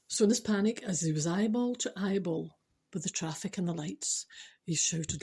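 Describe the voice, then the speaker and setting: Scottish woman, husky, chatty storyteller with asides. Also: lowish voice, normal speed, a little mellow. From Scotland. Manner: chatty, giggly, asides to the viewer. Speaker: vlogger telling funny stories. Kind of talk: casual storytelling.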